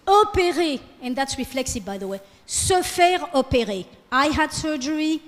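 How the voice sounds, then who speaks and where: A woman's voice: high-pitched, very animated, moderate pace, hardly any pauses. A woman teaching French in a classroom lecture, switching between English and French and coaxing the class with questions. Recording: long hall reverb.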